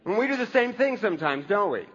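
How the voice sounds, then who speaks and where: High-voiced pastor in a reverberant hall. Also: male voice, sing-song, quick pace, fairly bright tone, highs cut off, a little hiss or hum. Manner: conversational preaching with humor. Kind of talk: sermon.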